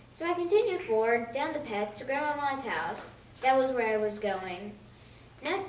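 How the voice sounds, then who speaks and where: A woman giving an expressive, childlike storytelling monologue. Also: high voice. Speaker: reader of a monologue. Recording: echoey room from a distance with faint noise.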